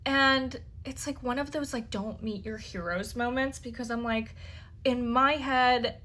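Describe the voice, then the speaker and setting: Telling a personal story as an interview guest, a woman chats casually, using "like" constantly and swearing freely. Her voice is on the high side, bright and forceful, unhurried, with fairly even intonation.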